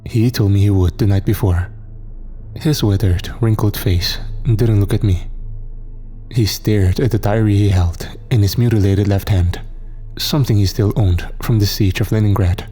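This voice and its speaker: Guy narrating a creepy story, low mellow voice, quiet music behind. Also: steady tone, unhurried, husky. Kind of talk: scripted horror story narration.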